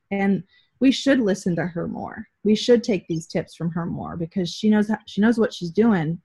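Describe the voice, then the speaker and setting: Woman on zoom, kinda breathy voice, earnest and reflective, says y'all. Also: mid-range voice, a little mellow. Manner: sincere and reflective, addresses listeners as y'all. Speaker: daughter and business leader on a video call. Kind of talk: heartfelt testimony. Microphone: video call.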